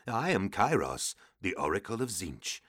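Brief: male narrator doing a cryptic old two-headed demon oracle, deep low hiss, dry studio. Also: very animated, sharp tone, no room sound, heavily acted. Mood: ominous. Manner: hissing, low and measured. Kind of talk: audiobook character voice.

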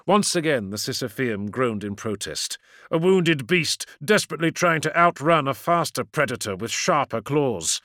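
Bright, animated male audiobook narrator. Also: mid-range voice, dry recording, studio quality. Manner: dramatic, vivid battle narration.

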